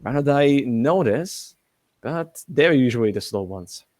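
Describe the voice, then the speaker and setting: A man's voice: mid-range voice, lively intonation, measured pace, darkish tone, no room sound. Dry-voiced young male esports caster. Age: young adult. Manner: chatty, laughs often, non-native phrasing. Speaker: esports commentator. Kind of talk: live esports casting.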